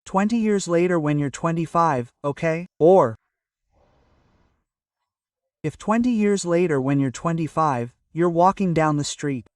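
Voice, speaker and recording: A man's voice: fairly high pitch, unhurried, long pauses, darkish tone, no echo, studio quality, distant mic. Earnest man vlogging, slightly off-mic. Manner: earnest, repeats "okay?" to check in with viewers. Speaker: motivational vlogger. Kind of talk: casual motivational talk to camera. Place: at home early in the morning.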